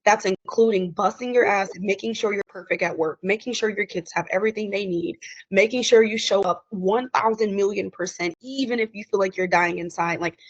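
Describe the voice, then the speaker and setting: A woman's voice: medium pitch, a little fast, no echo. A woman speaking candidly as a podcast guest, emotional and acting out quoted dialogue. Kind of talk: candid interview conversation. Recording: dry, muffled lo-fi audio.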